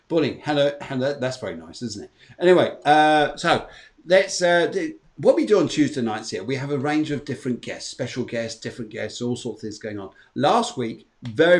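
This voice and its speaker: A man hosting a live streamed show as a medium, chatting and greeting viewers by name in a casual way. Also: medium pitch. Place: home in Spain.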